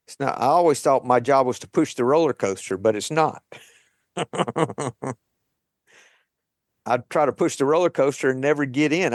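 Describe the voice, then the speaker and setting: Male host, unhurried and thoughtful, dry close sound, mid-pitched. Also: gravelly, no room sound. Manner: slow, thoughtful, with light laughs. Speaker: podcast host leading a recovery meeting. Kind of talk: reflective reading and sharing.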